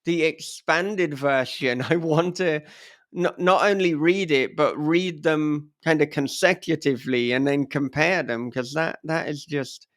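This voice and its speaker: A man's voice: on the high side, measured pace, a bit bright. A man hosting a podcast interview, reflective and enthused, thinking aloud as he responds to his guest. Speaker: podcast host.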